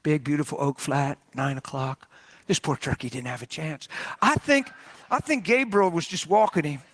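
A man preaching a sermon, telling a story in an animated, jokey way and often exclaiming. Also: fairly high pitch, normal speed.

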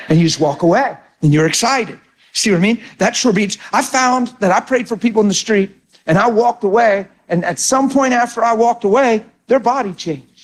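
A male pastor with a notably high voice preaches a sermon on prayer. He tells stories in an earnest, animated way, pressing his point home.

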